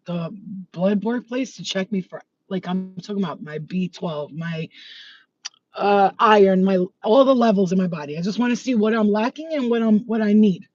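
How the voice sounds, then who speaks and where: Here a psychic medium vents into her handheld phone while walking outside in her neighborhood, cursing freely and not mincing words. It's a ranting vlog. Her voice is mid-range and darkish, captured in a muffled recording with no echo.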